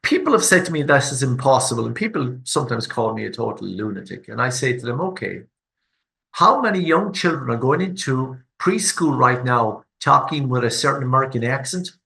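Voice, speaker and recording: A man's voice: medium pitch, sing-song, fairly quick, creaky, pushed and bright, low-quality recording. A man, speaking as a guest expert in an interview, talking passionately and repeating words for emphasis. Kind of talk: conversational interview.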